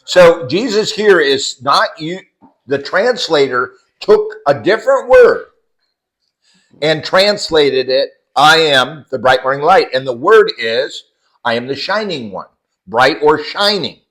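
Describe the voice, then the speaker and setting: A man's voice: on the high side, expressive, a little slow, a bit bright, rough recording. A man leading a casual group Bible study, explaining scripture and the Greek words behind it to the people around him.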